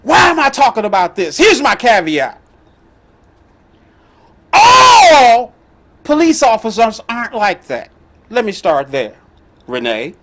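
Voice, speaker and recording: A middle-aged man telling a personal story as the host, animated and emphatic. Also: high-pitched, normal speed. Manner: animated, emphatic, with laughs and outbursts.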